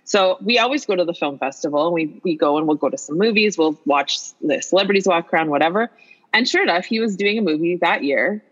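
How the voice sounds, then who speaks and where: A woman in her fifties chatting as a podcast guest, an animated storyteller who swears freely. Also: on the low side, fast, lo-fi sound. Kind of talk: casual chat.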